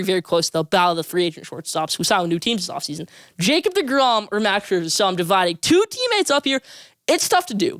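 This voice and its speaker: A young man hosting a solo sports podcast, giving rapid, emphatic, opinionated takes and repeating names for emphasis. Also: high-pitched, fairly bright tone, dry recording, studio quality.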